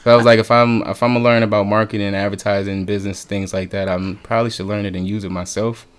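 A young man with a fairly low, smooth and resonant voice talks in a loose, laid-back way. He laughs easily and drops swear words as he tells stories in casual conversation. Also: level tone, fast talker. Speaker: podcast guest, artist. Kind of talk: casual chat.

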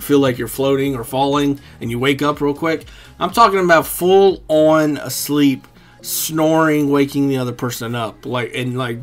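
Man, casual gameplay commentary, rambling, curses a lot, chuckles, mid pitch, faint music behind. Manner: relaxed and rambling, swears freely, chuckles often. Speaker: gaming commentator.

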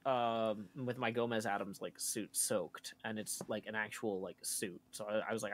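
A man's voice: fairly low pitch, steady tone, normal speed, hardly any pauses. A man chatting casually on a live stream, rambling through stories with many fillers and restarts. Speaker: co-host on a stream. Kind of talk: casual chat.

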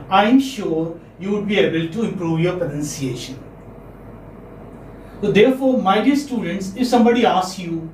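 A man teaches a class, repeating his key points and checking in with "okay?". His voice sits high. He is heard from a distance, in a classroom full of echo. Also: a little hiss or hum. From India. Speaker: lecturer. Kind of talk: classroom lecture. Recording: echoey classroom from far off.

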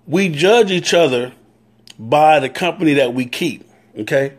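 A man with a Southern US accent speaks straight to his stream viewers, working his point over and over in a plain, earnest way. His voice sits a little higher than most men's. He keeps breaking off to greet people by name. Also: a little slow. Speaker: motorcycle club leader. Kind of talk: live-stream talk to viewers.

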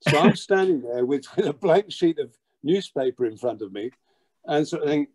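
An older man with a somewhat high-pitched voice recalls a story from his past. He talks animatedly, stumbles and repeats words as he acts out scenes, and often throws in "you know.". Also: expressive, moderate pace, darkish tone, husky. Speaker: interview guest, drummer. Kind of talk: anecdotal storytelling.

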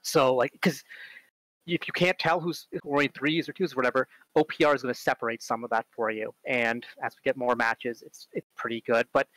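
A man giving a casual conference talk, chatty, full of fillers, and animated when he tells stories. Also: medium pitch, fairly quick, dry recording, rough recording. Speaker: conference speaker on robotics strategy.

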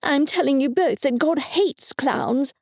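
A woman narrator voicing a shrill, indignant churchgoing mother scolding her grown daughter. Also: lively intonation, unhurried, creaky, a little mellow, no echo, clean studio sound, exaggerated voice.

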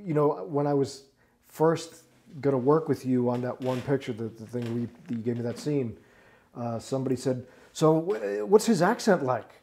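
A man hosts a relaxed interview and asks his guest about his work. He reacts with eager approval and keeps chiming in while the guest talks. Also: medium pitch, moderate pace. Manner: enthusiastic, frequent approving interjections. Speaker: podcast host. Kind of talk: casual interview.

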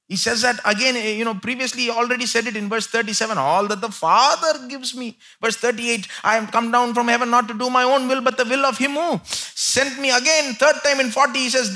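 A pastor with an Indian English accent preaches a live church sermon, swinging from loud, emphatic peaks to quiet, low asides.

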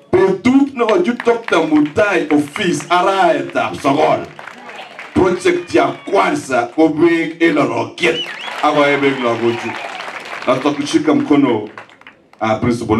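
A man's voice: on the high side, a little slow, soft background music, some chatter behind. A man with a Kenyan accent giving a rousing, impassioned speech at a funeral, often rising to emphatic cries. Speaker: speaker at a funeral, teacher and politician. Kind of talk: impassioned public address. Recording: voice picked up from a distance.

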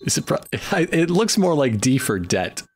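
A man's voice: a little high, big pitch swings, moderate pace, slightly rough, faint music behind. A young man cracking absurd jokes as a let's play co-host in casual game commentary.

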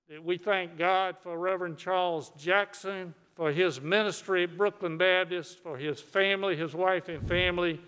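An older man, a state senator, giving a folksy, unhurried formal speech on the floor of a legislative chamber. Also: high-pitched, fairly bright tone, clean tone. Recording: echoey chamber, long reverb.

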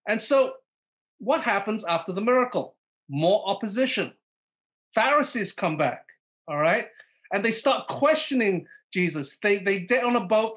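A man's voice: high voice, a bit bright. A man preaching a sermon at a live online church service. He checks in with "okay?" and "all right?" after nearly every point, calls on listeners by name and acts out the quoted lines.

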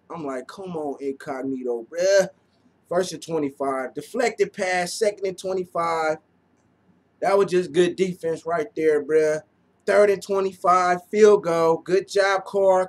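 Slow-talking hyped-up fan commentator man. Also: high-pitched. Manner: animated, slangy, repeats himself, shouts often. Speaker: fan reviewing a game. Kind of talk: excited play-by-play fan commentary.

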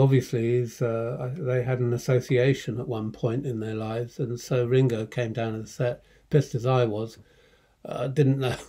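Older male director, dark mellow tone, casual swearing raconteur who rambles and restarts. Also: mid-range voice. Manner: rambling, profane, self-interrupting. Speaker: film director. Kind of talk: casual anecdotal commentary.

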